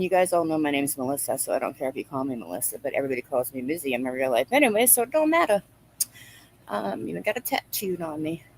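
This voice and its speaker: A woman's voice: on the low side, gravelly, a little hiss or hum, rough recording. A woman hosting a casual live-stream chat, gossiping, laughing often and reading viewers' comments aloud.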